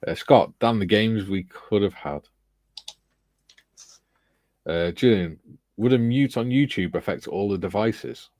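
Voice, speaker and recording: A man's voice: lowish voice, unhurried, long pauses, a little mellow, no room sound. A man hosting a casual livestream, reading viewers' chat messages aloud and chatting with his panel. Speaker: livestream host.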